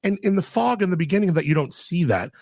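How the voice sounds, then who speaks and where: A man hosts a relaxed podcast conversation, telling his stories in a chatty, animated way. His voice sits a little higher than most men's. It is recorded close and dry, with almost no room sound. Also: quick pace, dry recording. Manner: chatty, animated storytelling with quoted dialogue. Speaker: podcast host. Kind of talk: casual podcast interview.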